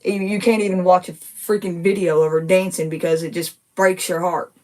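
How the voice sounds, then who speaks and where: A woman's voice: on the low side, flat delivery, a little mellow, far from the mic. Worked-up woman talking to her phone. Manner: emotional, gets worked up, rapid and repetitive. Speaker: TikTok creator. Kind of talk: casual talk to viewers. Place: her home living room.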